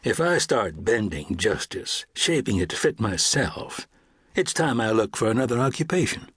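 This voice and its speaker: A man voicing a modest, principled frontier lawman who speaks quietly and politely. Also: lowish voice, sing-song, normal speed, husky, dry recording, studio quality, heavily acted. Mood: earnest.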